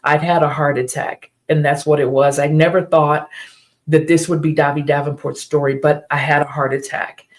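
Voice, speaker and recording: A woman's voice: deep voice, level tone, normal speed. Earnest middle-aged woman telling her story. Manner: earnest and emphatic, repeats key phrases. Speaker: host of a live stream. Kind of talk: emotional personal storytelling on a live stream.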